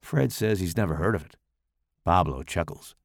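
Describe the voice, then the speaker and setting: A man reading his own first-person horror story aloud in a slow, dramatic, expressive way. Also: sits low, gravelly, no room sound, studio quality.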